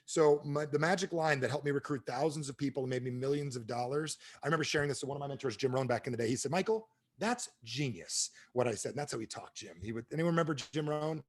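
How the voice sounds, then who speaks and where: A man giving a motivational business talk on a training call, asking the audience questions and swinging between booming and hushed delivery. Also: very fast, few pauses. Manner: animated, asks the audience questions. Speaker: speaker at an online training call.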